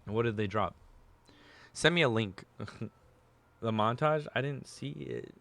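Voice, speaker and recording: A man's voice: medium pitch, slow, gravelly, a bit bright. A male streamer chatting casually with his viewers, rambling through restarts and fillers.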